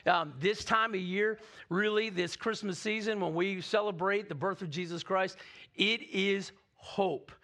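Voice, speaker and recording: High-voiced energetic male pastor. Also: unhurried. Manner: energetic, calls on the congregation to respond. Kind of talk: Christmas Eve sermon. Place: church sanctuary.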